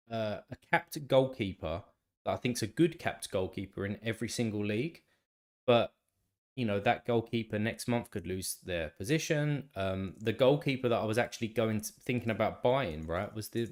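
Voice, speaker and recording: A man hosting a casual live stream, with a congested, nasal voice, rambling along and talking to his viewers by name. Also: on the low side. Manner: rambling, talks to chat viewers by name, many restarts. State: congested, still a bit tired.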